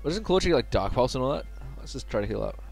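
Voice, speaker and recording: A man's voice: medium pitch, big pitch swings, racing, gravelly, a little mellow. A chatty man narrating his own game playthrough, joking and muttering asides. Faint music plays underneath. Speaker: let's play host. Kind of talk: casual gaming commentary.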